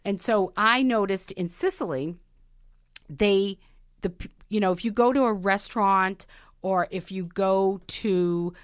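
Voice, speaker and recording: A woman's voice: mid-range voice, measured pace, clean tone, no room sound. Chatty woman in a dry close sound. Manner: chatty, reading points from a list and adding stories. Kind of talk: casual talk show chat.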